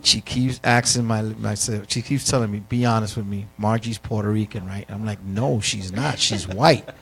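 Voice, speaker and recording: A man hosting a casual talk show, telling animated stories and acting out quotes. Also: fairly low pitch, normal speed, gravelly, slightly rough. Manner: animated storyteller, acts out quotes. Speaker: host. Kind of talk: casual chat, storytelling.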